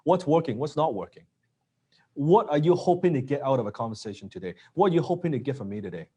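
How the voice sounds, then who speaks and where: A man coaching on sales closing, animated and acting out dialogue. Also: mid-range voice, fast talker, husky. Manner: animated, acts out lines of dialogue.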